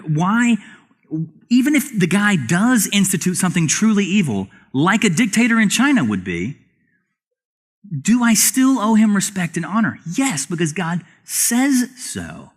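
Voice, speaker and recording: A man's voice: high voice, very animated, measured pace. A male pastor preaching a sermon in a church, asking rhetorical questions of the congregation. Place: church sanctuary.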